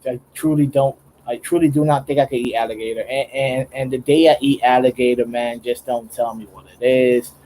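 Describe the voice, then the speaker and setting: A man's voice: medium pitch, mellow, slight background noise, rough recording. A young man chatting casually on a late-night livestream, rambling with restarts and laughing a lot. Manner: laughs often, rambling with many restarts, slangy. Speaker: streamer. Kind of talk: casual livestream chat while drawing. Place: home studio, late night.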